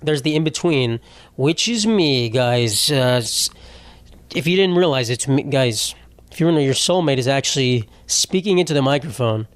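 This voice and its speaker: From a home setup, a man hosts a solo comedy podcast, spinning rambling, profane, self-mocking stories in casual talk. His medium-pitched voice is expressive, his pace moderate, and there's no echo.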